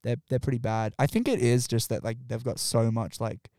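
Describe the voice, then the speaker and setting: A man's voice: mid-range voice, steady tone, fairly quick, warm tone, dry recording, clean studio sound. A young man with an Australian accent, telling stories in casual chat, swearing and laughing often. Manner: swearing, laughing storyteller, acts out quotes.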